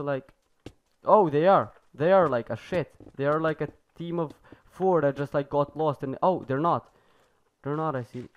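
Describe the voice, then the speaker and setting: A teenage boy with a fairly high voice hosts his own gaming video. His commentary is casual and excitable, full of repeated phrases and the odd swear when things get tense. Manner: excitable, swears, repeats himself under pressure. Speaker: gaming YouTuber.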